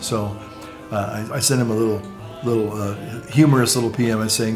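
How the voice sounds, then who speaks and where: A man vlogging in a casual, rambling monologue, with halting restarts, asides and chuckles at his own jokes. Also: fairly low pitch, fairly even intonation, music in the background.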